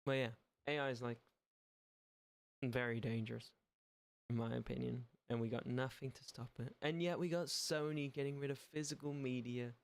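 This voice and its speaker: A man's voice: medium pitch, gravelly. A young Irish man chatting casually on his live stream, rambling, swearing freely and making dry, sarcastic asides. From Ireland. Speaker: livestream gaming host.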